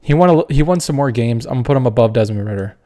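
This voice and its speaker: In a casual sports tier-list video, a man with an expressive, dark, mid-range voice talks at a quick pace. This podcast host gets fired up, ranting with strong opinions and cursing now and then.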